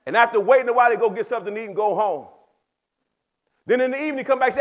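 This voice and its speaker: Man, pastor, youth sermon, very high voice, casual speech, calls on listeners by name, loud then quiet. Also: very fast. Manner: preaching, addresses listeners by name; swings between loud exhortation and quiet explanation.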